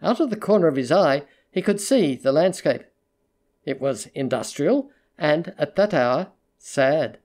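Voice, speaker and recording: A narrator with a medium-pitched voice reads a literary short story aloud, keeping a measured, steady storytelling manner.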